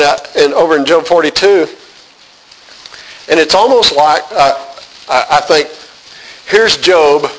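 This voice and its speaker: A male preacher delivering a sermon in a somewhat high voice. He talks with animated emphasis and repeats words as he works through scripture. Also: poor audio.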